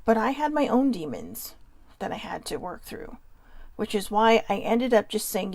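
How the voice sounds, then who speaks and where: A woman's voice: mid-range voice, very animated, moderate pace, gravelly, darkish tone, dry recording. A middle-aged woman hosting a vlog, talking earnestly and confessionally to her viewers in real time, sometimes reading their comments aloud. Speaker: vlog host. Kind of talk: emotional personal livestream talk.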